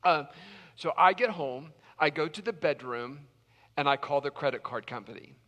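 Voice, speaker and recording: A man's voice: on the high side, lively intonation, moderate pace, pushed and bright, in a large hall. A middle-aged man preaching a sermon from South Carolina, telling a personal story with emphatic repetition. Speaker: pastor.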